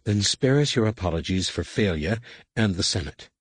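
A man's voice: lowish voice, lively intonation, moderate pace, breathy edge, no echo. A man voicing an angry, sarcastic woman Jedi with a brittle tone.

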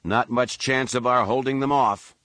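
A man's voice: mid-range voice, steady tone, normal speed, fairly bright tone, no echo, pitched above the performer's own voice, natural voice. A man voicing a dry, sardonic male starship captain in an audiobook. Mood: wry. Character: wry male starship captain Han Solo.

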